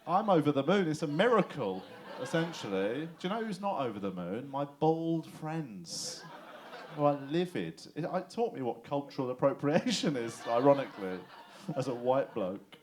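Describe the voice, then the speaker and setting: An English man performing a lively stand-up comedy set on a club stage, chatty and swearing, often checking in with the crowd. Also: on the high side, normal speed, a little hiss or hum. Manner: chatty, animated, swears and asks the crowd "right?".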